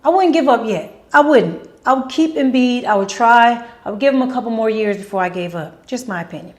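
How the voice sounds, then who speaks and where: A woman's voice: a little high, animated, a little fast. Female vlog host in a casual Q&A, blunt, opinionated and profane. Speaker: host answering viewer questions.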